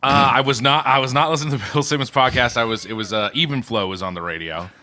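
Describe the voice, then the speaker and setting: A man's voice: mid-range voice, fast talker, pushed and bright. A man co-hosting a comedy podcast who banters and jokes, often hesitating with "uh" mid-sentence. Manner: jokey, bantering, lots of hesitation. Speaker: co-host. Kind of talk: casual comedic chat.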